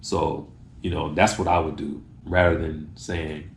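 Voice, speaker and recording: A man's voice: a bass voice, little pitch movement, a little slow, creaky, echoey room, a little hiss or hum. A man hosting a video, giving casual tips straight to the camera and acting out little exchanges in other voices. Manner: acts out short exchanges in changed voices.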